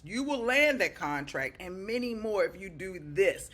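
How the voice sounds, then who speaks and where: A woman's voice: mid-range voice, sing-song, unhurried, hardly any pauses, fairly bright tone. A woman hosting a business coaching Q&A over a video call, effusive and encouraging.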